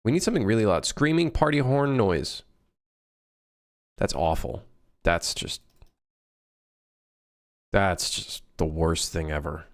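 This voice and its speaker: A man streaming his game development work, chatting casually and reacting excitedly, joking and swearing as he works. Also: deep voice, takes it slowly, pauses often. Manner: excitable, swears and jokes while working. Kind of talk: casual live-stream commentary.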